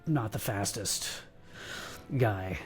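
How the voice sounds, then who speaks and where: A man playing a slow, burly bounty hunter, telling a long story in character at a tabletop game, with halting restarts. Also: fairly low pitch, soft background music. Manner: rambling, halting delivery with restarts. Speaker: player.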